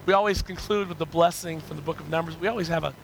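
A middle-aged male pastor preaching a sermon, telling a story with rising excitement, then praying. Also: on the high side, rapid-fire, vocal fry, slight background noise, rough recording.

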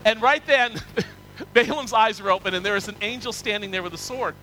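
High-voiced, animated male preacher. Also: brisk, slight background noise, rough recording. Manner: animated, conversational, with repetitions and asides to the audience. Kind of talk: storytelling sermon.

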